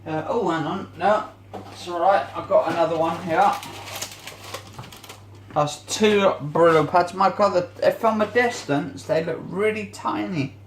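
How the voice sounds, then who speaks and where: A man's voice: high-pitched, unhurried, reverberant, a little hiss or hum. Rambling man vlogging in his kitchen. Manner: rambling, searches for words, chatty. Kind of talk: casual rambling monologue while cleaning. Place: home kitchen, indoors.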